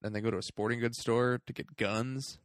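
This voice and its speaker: A man's voice: mid-range voice, fairly even intonation, fairly quick, no echo, studio quality. A man co-hosting a podcast, from Canada, rambling through a movie recap with lots of filler words. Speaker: podcast co-host. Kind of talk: casual movie review chat.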